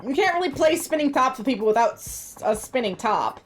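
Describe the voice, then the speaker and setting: A woman's voice: high voice, expressive, brisk, few pauses, soft background music. A woman streamer chatting playfully while she plays a game. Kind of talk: gameplay commentary.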